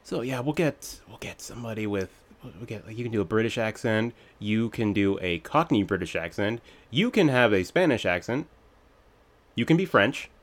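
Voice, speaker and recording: A man's voice: fairly low pitch, lively intonation, normal speed. A man co-hosting a podcast, chatting casually and wryly as he picks apart a movie. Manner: wry, critical, rambling asides. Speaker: podcast co-host. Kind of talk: casual film review chat.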